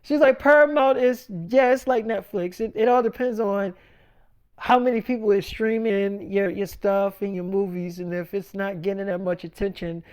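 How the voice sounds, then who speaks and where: A man's voice: high voice, steady tone, moderate pace, smooth, dry recording. Dry, close man rambling through a made-up story. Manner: casual and profane, quoting himself and others with "I'm like, she's like". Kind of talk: rambling made-up story, acting out both sides of phone calls.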